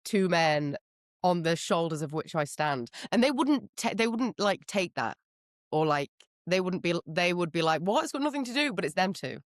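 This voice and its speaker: A woman speaking as a podcast guest, candid and lively as she talks about her path. Her voice sits on the low side for a woman, and the recording is close and dry with no room echo. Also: moderate pace. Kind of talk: casual interview chat.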